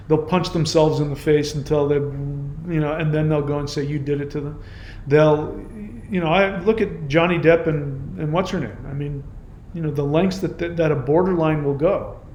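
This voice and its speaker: A man talks straight to camera in a heated monologue, hammering his points with repetition and indignation. His voice sits a little higher than most men's. The room around him leaves a clear echo. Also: darkish tone, slight background noise. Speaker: YouTube channel host. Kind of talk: impassioned reaction monologue. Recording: roomy echo.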